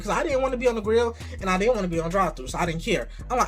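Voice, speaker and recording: Young vlogger telling a cursing storytime, medium pitch, bit of music in back. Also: racing. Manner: profane, animated storytelling. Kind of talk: casual storytime.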